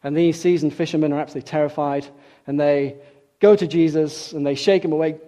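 A man preaching a sermon, retelling stories with dramatic shifts between loud outbursts and hushed lines. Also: fairly high pitch, fairly even intonation, fast. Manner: dramatic storytelling, acting out quoted voices.

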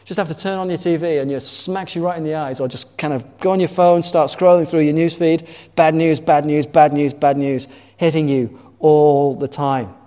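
Preacher in a reverberant hall. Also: male voice, on the high side, steady tone, moderate pace, mellow. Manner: conversational, asks the congregation questions. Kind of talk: sermon. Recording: long reverb of a large hall.

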